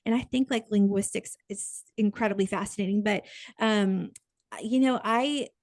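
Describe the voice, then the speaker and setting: A woman's voice: medium pitch, normal speed, a little mellow, no room sound. A woman co-hosting a podcast in casual chat, talking in a chatty way that often breaks off and restarts, with lots of fillers. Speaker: podcast co-host. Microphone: podcast microphone.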